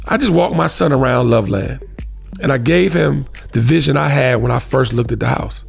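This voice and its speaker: A man's voice: on the high side, very animated, moderate pace, vocal fry, husky, faint music behind. A middle-aged man from Washington, D.C., hosting a talk show and delivering an impassioned, profane, preachy rant. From Washington, D.C., USA. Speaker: host. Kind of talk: heated podcast discussion.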